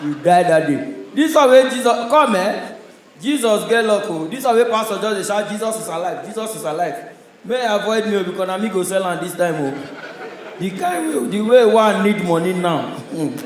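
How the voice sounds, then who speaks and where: A Nigerian man delivers stand-up comedy on stage, his voice sitting high and carrying loudly through the room. His stories come in punchy bursts, and a strong hall echo surrounds every line. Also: animated, normal speed, a little hiss or hum. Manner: loud, punchy storytelling with audience laughter. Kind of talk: stand-up comedy in Pidgin English. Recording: echoey live hall sound.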